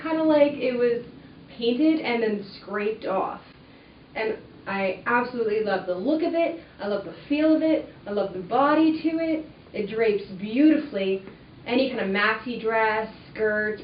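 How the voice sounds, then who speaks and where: A woman's voice: a little high, slight background noise. Chatty young woman in a roomy space. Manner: chatty, enthusiastic, many "like"s and "um"s. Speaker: fabric webinar host. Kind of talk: casual product walkthrough. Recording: roomy, distant, slightly dull sound with faint ambience.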